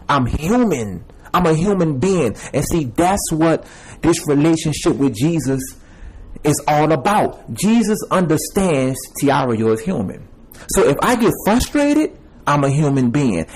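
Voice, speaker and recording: A man's voice: fairly high pitch, slightly rough, rough recording. A young man giving a repetitive, emphatic personal testimony, addressing viewers as y'all and man. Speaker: self-made video preacher.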